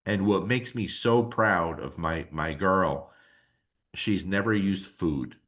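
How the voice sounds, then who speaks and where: A middle-aged man who trains dogs, telling stories in an emotional, animated and casual way as a podcast guest. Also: low voice, slow pace. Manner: casual, slangy. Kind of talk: podcast conversation.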